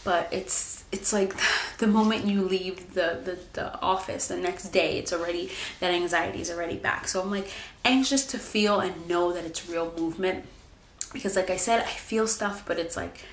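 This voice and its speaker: A woman's voice: fairly low pitch, normal speed, a little hiss or hum. Chatty young woman vlogging in an echoey room. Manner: chatty and candid, many likes and ums. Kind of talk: casual pregnancy update vlog. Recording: echoey room with faint ambience.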